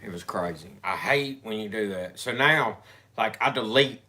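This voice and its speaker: A man's voice: on the low side, expressive, moderate pace, bright, forceful tone, slight background noise. A man chatting casually on a livestream, telling easygoing stories.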